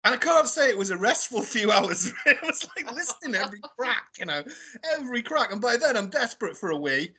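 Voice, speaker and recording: A British man, a guest explorer, telling a story casually and in an animated way, often adding tag questions and laughing as he talks. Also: very high voice, brisk, slightly rough. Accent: British English. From England. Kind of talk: casual storytelling on a radio show.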